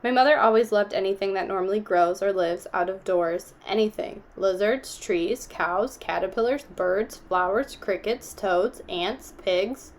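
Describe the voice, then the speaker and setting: A woman reading a novel aloud, telling the story steadily and giving the characters gentle voices. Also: medium pitch, a little slow, few pauses. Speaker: audiobook reader.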